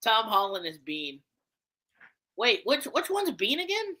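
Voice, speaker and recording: Bright, lively casual woman. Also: on the high side, unhurried. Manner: blunt, profane, animated. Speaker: podcast co-host. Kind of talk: casual chat about voice casting.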